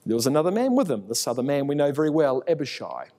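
A man's voice: a little high, quick pace, in a large hall. A man teaching through a Bible passage verse by verse, acting out the dialogue with a raised voice. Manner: animated, acts out biblical dialogue in raised voice.

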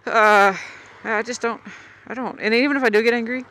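A woman's voice: on the high side, fairly even intonation, fairly quick, fairly bright tone, low-quality recording. A woman motovlogger chatting and grumbling in a rambling, unscripted way outdoors at a gas station.

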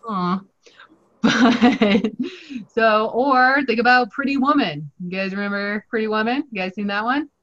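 A woman's voice: fairly high pitch, a little slow, a bit bright. A woman instructor leading a live online culinary class in a chatty, joking manner over a video call. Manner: playful, chatty, jokey. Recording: muffled online call audio.

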